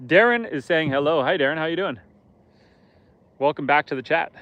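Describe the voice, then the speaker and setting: Male live-stream host, fairly high and smooth voice, joking and self-deprecating, casual chat outdoors, slightly dull, dry audio. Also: expressive, moderate pace, no room sound. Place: outdoors on a lake, in a boat.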